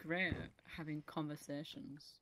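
A woman's voice: deep voice, little pitch movement, measured pace, sharp tone. Teasing Northern English woman gamer. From Northern England. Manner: laughs through her words, teasing. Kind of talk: casual gaming chat.

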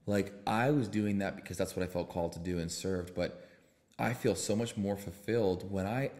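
A man, a pastor co-hosting a faith podcast, talking with fervent bursts of excitement. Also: low-pitched, normal speed, big-room sound. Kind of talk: casual faith podcast chat.

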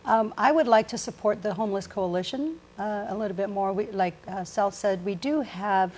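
A woman's voice: medium pitch, moderate pace, darkish tone, slight background noise. A woman from Guam, a senator running again, answering panel questions hesitantly while searching for words. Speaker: senator and candidate.

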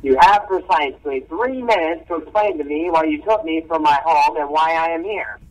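A man putting on a haughty, curt older villain who sounds irritated and businesslike. His voice is raised above his usual pitch and sits slightly off the mic. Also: moderate pace, distant mic, lightly acted, low-quality recording. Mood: annoyed.

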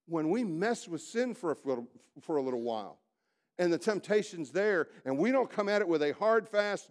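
A man's voice: high-pitched, a little fast. Fired-up man preaching a sermon. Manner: animated preaching with acted-out quotes and swings in loudness; blunt, folksy. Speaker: pastor. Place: church sanctuary.

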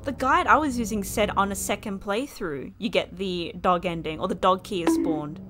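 A woman streaming a video game live, chatting through her play and reacting loudly, often exclaiming and swearing. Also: medium pitch, normal speed, loud music behind the voice. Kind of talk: live gameplay commentary.

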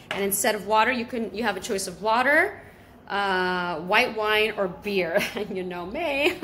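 A woman's voice: medium pitch, a bit bright, slight background noise. A woman from Southern California chatting casually as she cooks at home, swearing freely and switching between Spanish and English. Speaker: home cooking vlogger. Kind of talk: casual cooking vlog chat.

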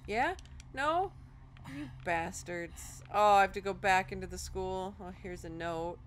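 A young woman casually commenting on a horror game, muttering to herself and breaking into loud panicked outbursts. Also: medium pitch, measured pace. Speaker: let's play host. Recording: noisy game audio behind the voice.

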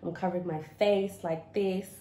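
A young woman from retelling a personal story for a vlog, animated and repeating lines for emphasis, acting out what people said. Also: fairly low pitch, moderate pace. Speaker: vlogger telling a story. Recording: echoey room with faint noise.

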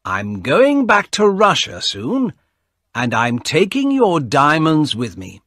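A greedy young thief with a cold smile in his voice talks in a raised, lively way, as a narrator plays him. The voice is husky and unhurried, recorded dry and close. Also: on the high side, no room sound, voice pushed up, heavily acted. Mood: taunting. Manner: taunting, cold.

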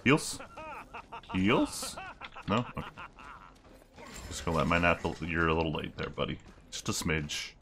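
A man giving casual, low-key let's play commentary, muttering wry asides as he plays. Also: steady tone, brisk, vocal fry, few pauses, sharp tone, slight background noise. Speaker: gameplay commentator. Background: game music and gunfire.

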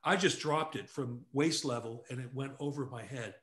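An older man from Canada, a guest telling anecdotes casually, animated and quick to laugh. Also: mid-range voice. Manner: animated storyteller who acts out quotes, laughs often. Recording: echoey room.

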